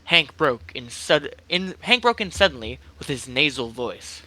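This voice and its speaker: A man's voice: mid-range voice, big pitch swings, a little slow, pushed and bright, low-quality recording. A young man casually reading a horror story aloud as an amateur reader, hesitant and stumbling now and then. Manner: hesitant, stumbles and restarts, lots of "like".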